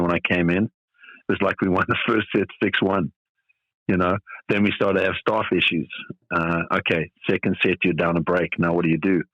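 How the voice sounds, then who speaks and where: A middle-aged man from South Africa speaks as a podcast guest in a very low voice. He talks in a thoughtful, rambling way, full of fillers. The sound is dull and dry. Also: dry recording. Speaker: tennis coach guest. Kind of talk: reflective podcast interview.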